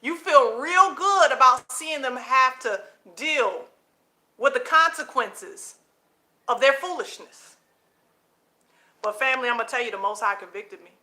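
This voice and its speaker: A woman hosting her own channel, preaching casually to viewers she calls family, animated and repeating phrases for emphasis, laughing often, recorded at home at night with her children nearby. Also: high voice, a little slow. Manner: laughs often between points.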